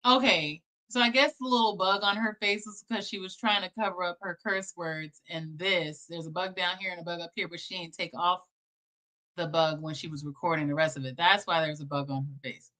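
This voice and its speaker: Bright-voiced woman giving blunt reaction commentary. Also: fairly low pitch. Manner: blunt, animated,喜 swearing. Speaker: host reacting to clips.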